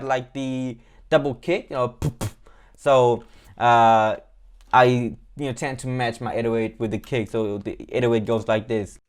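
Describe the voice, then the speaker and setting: Smooth-voiced man casually explaining his beat. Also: mid-range voice. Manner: loose and rambling, many fillers, self-deprecating. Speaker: music producer and artist. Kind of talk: casual beat breakdown walkthrough.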